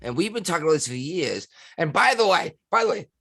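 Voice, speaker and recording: A man co-hosting a podcast in loose, joking banter, often breaking into laughter. His pitch swings widely and his voice is bright and forward. The sound is dry and close. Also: very animated, quick pace, gravelly, breathy edge, no echo. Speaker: podcast co-host. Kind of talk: casual banter.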